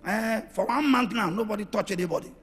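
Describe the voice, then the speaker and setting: A middle-aged man preaching a lively sermon, swinging from soft, intimate asides to loud shouts, with a raspy voice. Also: high voice, quick pace. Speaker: pastor. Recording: reverberant hall with music behind.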